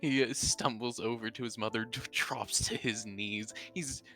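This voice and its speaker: A man narrating his character's actions in a live tabletop role-play, with lively, descriptive telling and frequent restarts. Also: on the low side, moderate pace, soft background music. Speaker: player.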